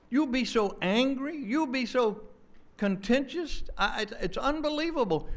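A man preaching with a notably high, ringing voice, pressing his points with fervent emphasis. He stumbles into quick restarts and repeats words as he drives each line home, and his voice swings between quiet asides and strong, raised phrases. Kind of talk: sermon.

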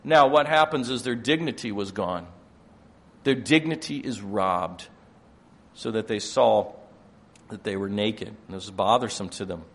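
Older guy preaching, gravelly, goes from quiet explaining to loud and fired up. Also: on the low side, unhurried, long pauses. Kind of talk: sermon.

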